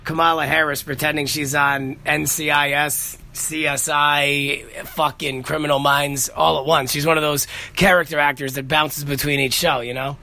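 A man's voice: on the high side, flat delivery, moderate pace, hardly any pauses, sharp tone. A man, hosting a casual podcast monologue and telling rambling, profane stories. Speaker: podcast host.

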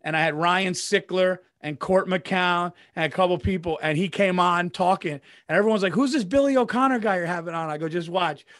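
A man hosting a podcast, telling an excited story in casual chat, saying "dude" and restarting sentences. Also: high voice, a little fast, few pauses, no room sound, studio quality. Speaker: podcast host.

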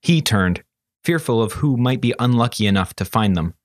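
A man narrating a fantasy story as an audiobook, steady and expressive. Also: mid-range voice, moderate pace, dry recording, clean studio sound.

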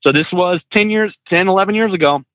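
With a high voice and quick pace, a man who works as a truck driver and trainer tells lively road stories, laughing frequently and restarting as he goes. It's a casual storytelling interview with no room sound, heard on a dry, tinny, phone-like line.

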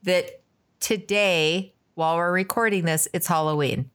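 A woman hosting a podcast, opening the show and bantering with her co-host in a relaxed, casual chat. Her voice sits a little low, and her humor is dry and teasing. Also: unhurried, clean tone.

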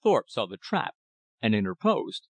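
An audiobook narrator, a man with a mid-range voice, reads a novel in scripted narration. His reading is measured and expressive.

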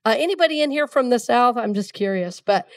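A woman's voice: on the high side, expressive, a little fast, distant mic. A woman from Georgia preaching a conversational sermon to a congregation. She is still getting over a cold and leads the room in call-and-response. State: still has a cold, congested. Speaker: minister.

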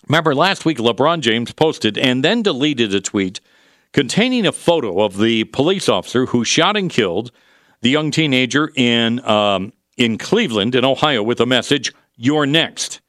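A male talk radio host giving conversational commentary, pausing often on fillers. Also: mid-range voice, expressive, a bit bright, no echo, studio quality. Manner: conversational, with frequent filler pauses.

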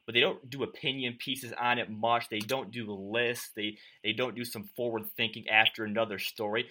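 A man's voice: mid-range voice, pushed and bright. A man hosting a sports media podcast, chatty and self-deprecating, interviewing a guest.

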